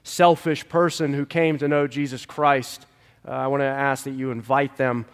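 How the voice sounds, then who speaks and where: A man's voice: medium pitch, level tone, moderate pace, clear, resonant tone. Young man, pastor, sermon; nasal and congested, earnest delivery, long hall reverb. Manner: earnest, pleading, with fillers and restarts. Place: church sanctuary.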